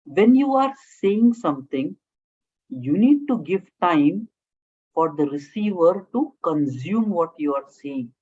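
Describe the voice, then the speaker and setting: A woman with an Indian English accent gives a classroom lecture as a communication trainer. Her voice sits fairly low, and she breaks her points into short phrases punctuated by "okay?". The recording sounds dull and lo-fi. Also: expressive, slow pace, darkish tone, slightly rough. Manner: talks in short phrases with frequent "okay?" check-ins, mixes Hindi into English.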